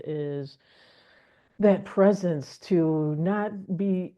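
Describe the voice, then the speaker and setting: A woman co-hosting a casual spiritual talk, telling stories with laughter and acted-out inner voices. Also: low-pitched. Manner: animated storyteller, laughs often, acts out inner voices. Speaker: co-host of a spiritual wealth course. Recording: dull lo-fi sound.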